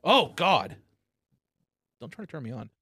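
A man's voice: on the high side, a little slow, breathy edge, no echo. An American man hosting a podcast, joking crudely and animatedly with his co-host. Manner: profane, animated, jokey. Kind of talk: crude casual podcast banter.

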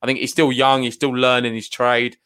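Man, podcast co-host, hedging repetitive chat, smooth voice. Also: mid-range voice, level tone, a little fast, fairly bright tone. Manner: earnest, hedging, repeats himself. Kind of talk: casual chat.

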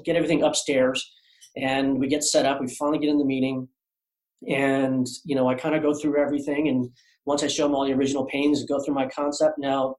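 A man's voice: mid-range voice, darkish tone. A man telling a long story as an artist guest on a podcast, rambling with many fillers and restarts. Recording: roomy echo.

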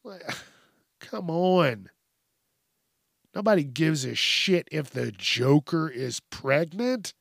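A man's voice: a little high, very animated, takes it slowly, vocal fry, long pauses, no echo, clean studio sound. A man hosting his own podcast, ranting in a blunt, profane, rambling way. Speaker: podcast host. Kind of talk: casual monologue.

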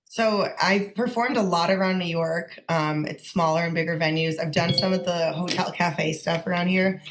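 A young woman, a songwriter guest, chatting in a casual interview, animated and swearing freely with lots of "like". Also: on the low side, normal speed, noisy background.

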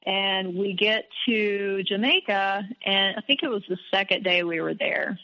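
Bright-voiced woman telling her story candidly. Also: mid-range voice, unhurried, long reverb tail, lo-fi sound. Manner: candid, animated, frequent "like" fillers. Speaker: podcast guest. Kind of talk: personal storytelling in conversation.

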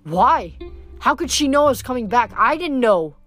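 A woman voicing an upset, grieving sixteen-year-old boy who talks in a strained, halting way. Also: a little high, big pitch swings, fairly bright tone, faint music behind.

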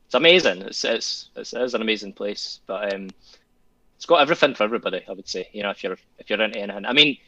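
A man's voice: lowish voice, expressive, quick pace, pushed and bright, no echo, dull audio. A Scottish man, a guest, chatting casually, rambling and repeating himself with frequent chuckles. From Scotland. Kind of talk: casual chat.

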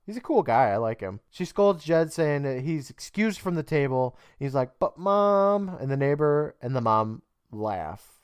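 This American podcast co-host has a mid-range, clear, resonant voice that's a little mellow and expressive, at a normal speed. He casually recaps a TV episode, laughing often and acting out the characters' lines. The studio sound is clean, with no room sound.

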